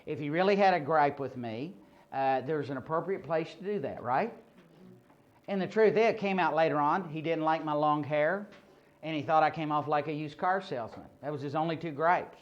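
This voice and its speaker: At a ministry seminar, a man trains attendees in an informal way, telling stories and using lots of fillers and restarts. His voice is a little high and brisk, captured in a muffled, lo-fi recording.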